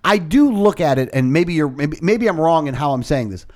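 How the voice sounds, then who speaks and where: A man's voice: a little high, moderate pace. A man co-hosting a podcast, talking politics in a casual, profane, ranting way. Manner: animated, profane, rants. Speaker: podcast co-host.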